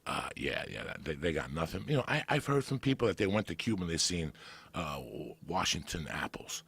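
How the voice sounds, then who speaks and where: Guy with a real low gravelly voice, swearing a lot, animated story on a podcast. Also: a little fast. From New Jersey. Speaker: podcast guest. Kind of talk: casual storytelling.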